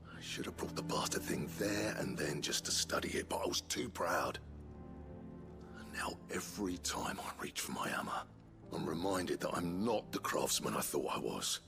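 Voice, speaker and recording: An actor playing a gruff, proud older blacksmith in a video game, blunt and grumbling. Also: male voice, extremely low pitch, exaggerated voice. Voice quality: gravelly, growling.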